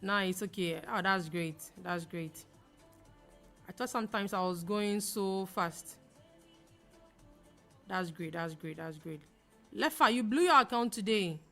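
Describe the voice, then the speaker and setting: A young woman from Ghana hosting a live trading stream, talking fast as she reads viewer comments aloud and answers them. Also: medium pitch, fairly bright tone, soft background music. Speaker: forex trading livestream host. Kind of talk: casual livestream chat reading viewer comments.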